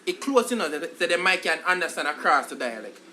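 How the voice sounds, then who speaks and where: Fast bright Jamaican man. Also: on the high side, big pitch swings, slight background noise. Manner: fast, bright, patois, says "brother" and "G". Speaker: podcast co-host. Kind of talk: casual chat.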